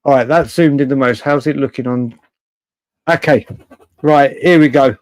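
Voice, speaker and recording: A man's voice: medium pitch, moderate pace, darkish tone, no room sound. A man hosting a late-night live fan stream, chatty and rambling, often laughing and swearing freely. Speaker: fan show host.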